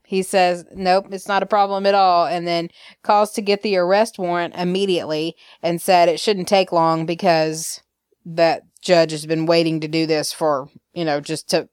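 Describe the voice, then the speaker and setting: A woman's voice: fairly low pitch, flat delivery, moderate pace, a little mellow, smooth, dry recording, studio quality. Chatty Southern woman recapping a soap. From Alabama. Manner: chatty, laughing, acts out quotes. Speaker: podcast host. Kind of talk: casual recap chat.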